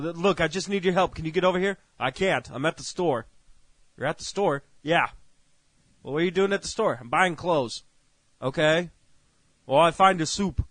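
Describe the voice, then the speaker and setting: A man acting out two squabbling men in a ridiculous argument that keeps getting louder. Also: fairly high pitch, no room sound. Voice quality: escalating yelling, exasperated.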